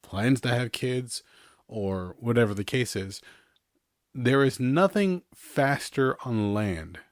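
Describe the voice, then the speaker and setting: A man's voice: mid-range voice, animated, takes it slowly, no echo, studio quality. A man hosting a podcast in a casual, rambling chat, often chuckling between his remarks. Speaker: podcast host.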